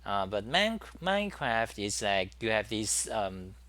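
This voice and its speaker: A man's voice: on the low side, big pitch swings, unhurried, fairly bright tone, no echo. A man hosting his own talk show in a casual, rambling monologue, full of fillers and restarts.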